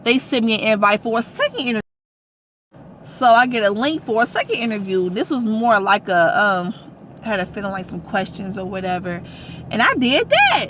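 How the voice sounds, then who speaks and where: A young adult woman telling a personal story to her vlog audience in a casual, animated and emphatic way. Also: mid-range voice, moderate pace, noisy background. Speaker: vlogger.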